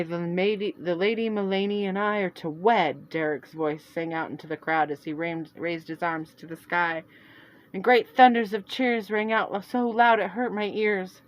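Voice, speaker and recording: Woman, author reading own novel, earnest, halting, lowish voice. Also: low-quality recording. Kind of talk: first-person fiction reading.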